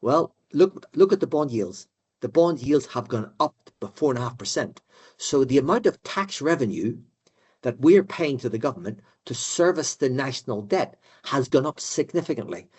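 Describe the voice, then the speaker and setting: Older male lecturer with a husky voice and a chatty, halting delivery, for a business course. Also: mid-range voice, lively intonation, a little mellow. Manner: conversational, many fillers and repeated words. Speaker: economic adviser lecturing finance directors. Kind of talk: live presentation to an audience.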